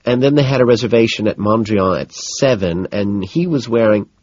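A man's voice: fairly low pitch, lively intonation, a little mellow, no echo, highs cut off, pitched above the performer's own voice. A man reading an audiobook voices a chatty, exasperated wealthy young woman who scolds and gossips. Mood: gossiping. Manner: gossipy, scolding, quick to dismiss.

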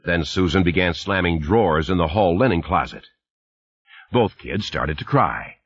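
A man narrating an audiobook in a lively, expressive reading. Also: low-pitched, moderate pace, husky, no echo, dull audio. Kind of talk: scripted narration.

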